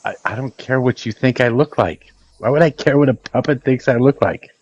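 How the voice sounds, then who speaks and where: A man's voice: medium pitch, brisk, darkish tone, muffled recording. Angry, swearing male host. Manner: angry, profane, repetitive. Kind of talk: heated live debate.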